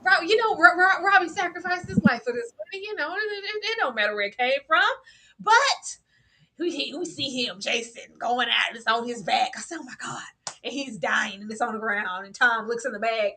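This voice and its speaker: A woman co-hosting a casual TV episode review, expressive and slangy, laughing as she talks to her chat. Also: high-pitched, normal speed, slight background noise.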